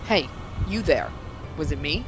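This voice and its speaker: A woman's voice: sits low, sing-song, a little slow, over music, pitched below the performer's own voice, exaggerated voice. A woman voicing an exhausted, hot-tempered man who rants and swears, while reading game dialogue aloud. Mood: ranting. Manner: ranting, yelling, swearing.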